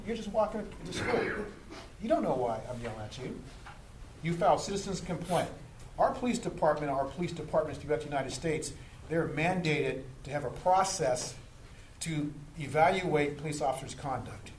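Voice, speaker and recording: A fairly high-voiced man, a police lieutenant, lays out how stops and complaints work, jumping into little acted scenes along the way. His voice rings around an echoey room with a faint hiss underneath. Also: normal speed. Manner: animated, acts out street scenes. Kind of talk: explaining to a group.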